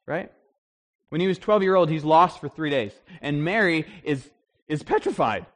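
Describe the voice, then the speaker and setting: A man preaching a sermon in an animated way, acting out the voices he quotes. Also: fairly high pitch, moderate pace. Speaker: pastor.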